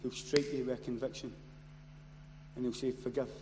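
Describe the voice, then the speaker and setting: A man preaching a sermon. He moves from quiet storytelling to loud, impassioned shouting. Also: medium pitch, steady tone, normal speed. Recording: long hall reverb, faint noise.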